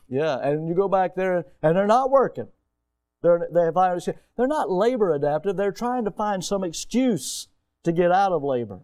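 Man, high-pitched, folksy preacher who keeps quizzing his congregation. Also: normal speed, mellow. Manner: folksy, emphatic, asks the congregation questions. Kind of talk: sermon.

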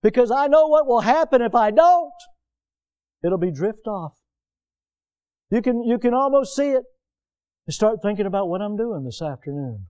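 A pastor preaching a folksy, animated sermon in a church, moving around the pulpit as he talks. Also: sits high, moderate pace, long pauses, clear, resonant tone. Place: church sanctuary.

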